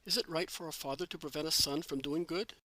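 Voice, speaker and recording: A man's voice: on the high side, fairly even intonation, fast, bright, forceful tone, no echo, poor audio. A man reading the part of an earnest young male disciple who pleads and asks searching, heartfelt questions.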